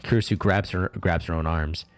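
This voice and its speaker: A man's voice: low-pitched, moderate pace. A man streaming a game, reading its dialogue aloud and breaking off into crude joking asides. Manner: reads lines flatly, then breaks off into crude joking asides. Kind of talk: casual game playthrough with read-aloud dialogue.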